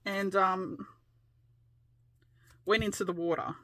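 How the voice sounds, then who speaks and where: A woman's voice: medium pitch, steady tone, slow pace, bright, forceful tone, no room sound. An Australian woman in her fifties, hosting a crafting vlog and telling a rambling, chatty story. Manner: rambling, chatty, often laughing. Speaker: crafting channel host.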